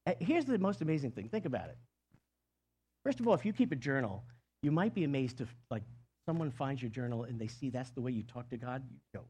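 A man with a husky, slightly breathy voice delivers a sermon at a middle pitch. He talks conversationally and with energy, often restarting phrases as he explains the scripture. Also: lively intonation, a little fast, darkish tone. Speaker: pastor.

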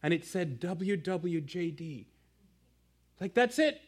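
A man preaching a sermon in church, telling a story with animated asides to the congregation. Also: high-pitched, takes it slowly, slightly rough. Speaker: pastor.

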